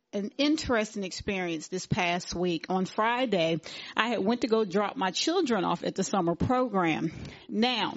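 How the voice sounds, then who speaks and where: Woman giving an animated church testimony. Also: medium pitch. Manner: animated retelling, acting out quoted dialogue. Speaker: congregation member giving testimony. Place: church fellowship service. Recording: dull lo-fi recording.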